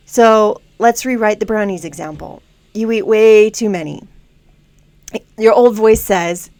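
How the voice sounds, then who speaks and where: A woman hosting a self-help podcast, speaking in a calm, measured and encouraging way through a scripted monologue. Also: mid-range voice, no echo. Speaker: podcast host.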